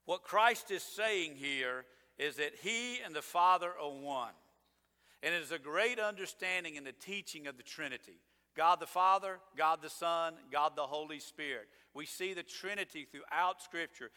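High bright pastor guy preaching, chatty and emphatic, big church reverb. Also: normal speed, clean tone. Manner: conversational, emphatic preaching with sarcastic asides. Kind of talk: sermon. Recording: long reverb of a church hall.

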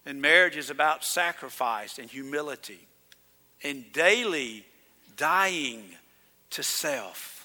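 A male pastor preaching a sermon in a folksy storytelling way, swinging between loud calls and hushed asides. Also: a little high, animated, slow pace, in a large hall.

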